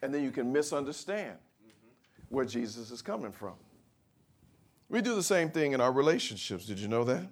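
A man preaching a sermon in a lively, conversational way, acting out bits of everyday talk. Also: mid-range voice, moderate pace, pauses often, slightly rough.

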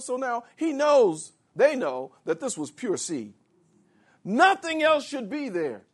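High-voiced man preaching with lively emphasis. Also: breathy edge. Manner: emphatic, rising to shouts; reads scripture slowly and explains it in plain words. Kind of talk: sermon.

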